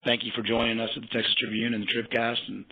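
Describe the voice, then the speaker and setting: A man's voice: mid-range voice, level tone, quick pace, vocal fry, a little hiss or hum. A man giving a formal, welcoming introduction to a podcast. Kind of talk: scripted introduction. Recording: dull audio with crowd behind. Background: crowd chatter.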